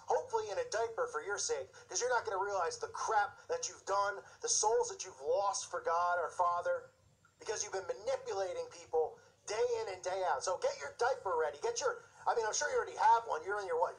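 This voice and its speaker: A man's voice: sits high, poor audio. Impassioned ranting male show host. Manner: mocking. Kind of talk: religious commentary monologue.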